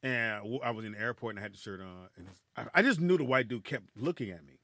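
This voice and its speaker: Lively fast-talking joking man host. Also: mid-range voice, dry recording. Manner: loud, joking, storytelling, swears freely. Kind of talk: casual podcast chat.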